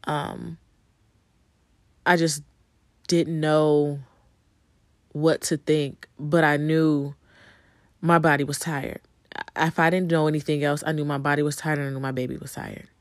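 A woman's voice: sits low, level tone, measured pace, long pauses, no room sound, studio quality. A woman telling viewers a personal story in a conversational way, with frequent ums and repeated phrases. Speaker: vlogger telling her birth story.

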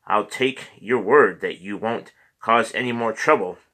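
A stern Gestapo chief, curt and commanding, voiced by a man reading aloud. His low voice lands with a forceful, tense edge and an unhurried pace. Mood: falsely kind.

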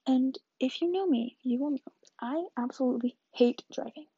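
A woman's voice: high-pitched, normal speed, warm tone, breathy edge, no echo, lo-fi sound. An eighteen-year-old woman chatting through a rambling vlog story, often dropping into whispered asides. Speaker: vlogger.

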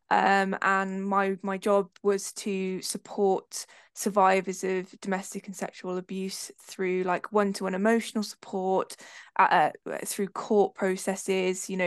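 Hesitant English woman, flat delivery. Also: mid-range voice, clear, resonant tone, no room sound, clean studio sound. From England. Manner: hesitant, many ums and restarts. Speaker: guest, abuse-prevention trainer. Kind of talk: interview answers.

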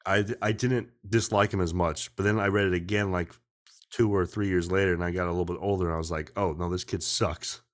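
A man's voice: sits low, steady tone, quick pace. A man hosting a podcast over a video call, rambling casually, swearing often and cutting himself off mid-sentence. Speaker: podcast host.

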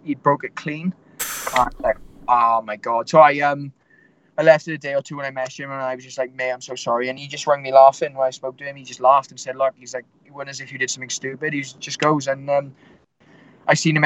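An MMA fighter in his 20s rambles through stories in a casual interview, packing in lots of fillers. His voice is medium-pitched and a bit bright, and the recording is rough.

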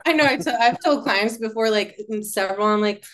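A woman's voice: a little high, brisk, a bit bright, a little hiss or hum. A woman, a therapist guest on a podcast, joking playfully and laughing often in casual chat.

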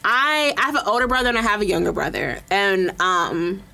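Bright, lively-pitched woman. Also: brisk, creaky. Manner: emphatic and frank. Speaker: podcast co-host. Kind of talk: casual discussion.

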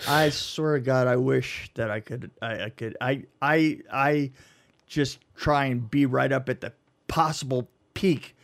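A man co-hosting a podcast, telling a long rambling story in casual chat, stumbling over words and laughing often. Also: medium pitch. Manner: rambling, halting, laughs a lot. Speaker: podcast co-host.

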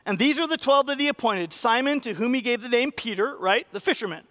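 A man preaching a sermon as pastor, animated and acting out quoted voices with sudden rises in pitch and loudness. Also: fairly quick.

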